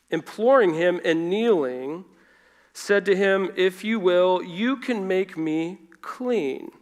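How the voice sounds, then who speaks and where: A man preaching a conversational sermon, informal and self-correcting, moving between loud emphasis and hushed asides. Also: a little high. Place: church.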